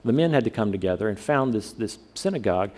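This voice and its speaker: A pastor from the southern United States preaches in a fairly low, darkish voice, expressive and quick. His sermon has a conversational tone, and he often poses questions to the congregation.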